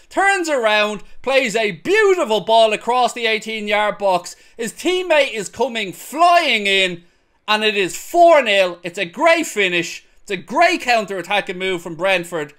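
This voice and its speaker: Lively, whooping football fan. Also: male voice, sits high, a little slow. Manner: swings from sarcastic mutters to loud whooping cheers. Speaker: football fan reaction host. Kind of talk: excited match-highlights reaction commentary.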